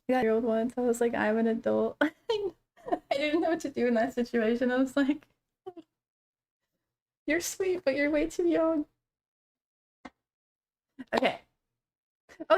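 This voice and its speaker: A young woman on a home live stream, talking casually in a fairly high voice. She chats loosely with her viewers, reads their messages and tells stories with easy laughter. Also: a little fast, darkish tone. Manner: chatty, laughing storyteller reading chat aloud.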